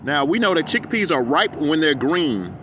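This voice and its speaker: A man's voice: a little high, very animated, moderate pace, a bit bright. A man ranting in a profane, heated, rambling commentary for his vlog, recorded outdoors by a street. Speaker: vlogger. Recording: street traffic noise behind. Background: passing cars.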